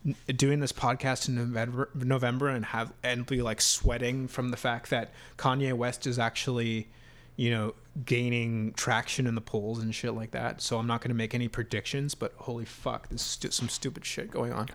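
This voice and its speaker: Podcast co-host, male, mid pitch, loose rambly delivery with casual swearing. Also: little pitch movement, normal speed, fairly bright tone. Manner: rambling, swears, many restarts. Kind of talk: casual chat.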